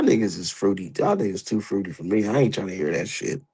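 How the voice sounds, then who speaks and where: A young adult man giving profane, heated, animated commentary as a boxing streamer. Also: lowish voice, fast, few pauses, slightly rough, poor audio. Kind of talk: casual ranting commentary.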